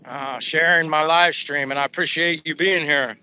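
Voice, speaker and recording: A man's voice: on the high side, moderate pace, smooth. Chatty American man walking and live-streaming. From United States. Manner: relaxed, chatty, reads out viewer comments with many fillers. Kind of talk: casual live-stream chat while walking. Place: outdoors on a seaside boulevard.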